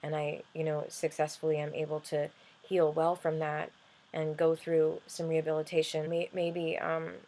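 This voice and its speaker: A woman talking earnestly in a personal vlog, halting and restarting often as she explains her life with a chronic illness. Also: deep voice, completely flat delivery, dark tone, poor audio. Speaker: vlogger and music artist.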